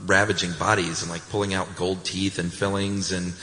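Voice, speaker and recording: American guy hosting a live show, lowish voice, lots of laughing, big echoey hall. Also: moderate pace. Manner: laughing, relaxed banter. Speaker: podcast co-host. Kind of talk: live comedic storytelling on stage. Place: large hall with live audience.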